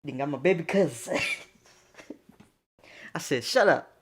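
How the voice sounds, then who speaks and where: A young man streaming a casual storytime, slangy and animated, laughing often as he talks. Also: on the high side, measured pace, slight background noise.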